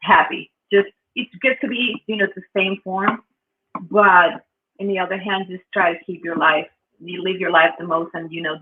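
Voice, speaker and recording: A man guesting on an interview as a band member, talking in halting bursts with many fillers. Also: high-pitched. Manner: halting, full of fillers and restarts. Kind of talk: casual interview chat. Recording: tinny phone-like line.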